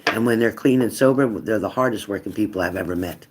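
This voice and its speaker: A man's voice: fairly low pitch, fast, a little hiss or hum. A man hosting a tarot live stream in a casual, chatty way, reading out viewer comments and answering them earnestly.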